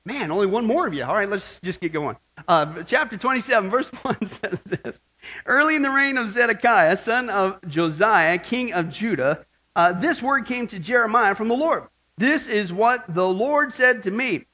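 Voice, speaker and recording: High-voiced guy preaching, jokey, keeps asking the crowd questions. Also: moderate pace. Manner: animated preaching, jokes and rhetorical questions. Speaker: pastor. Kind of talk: sermon.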